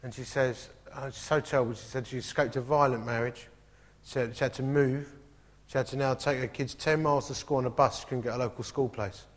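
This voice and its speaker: A man, a pastor telling stories from the pulpit with comic asides and lively storytelling. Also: medium pitch, a little fast. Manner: animated anecdotal, comic asides. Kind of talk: storytelling sermon. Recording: echoey hall.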